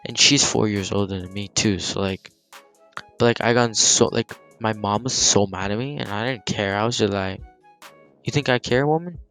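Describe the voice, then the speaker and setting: A teenage guy tells a story to his channel in a casual, heated ramble, swearing freely and leaning on "like". His voice sits low and comes across bright and forceful. Faint music plays underneath. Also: normal speed. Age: teens. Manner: heated, animated retelling with frequent swearing and "like".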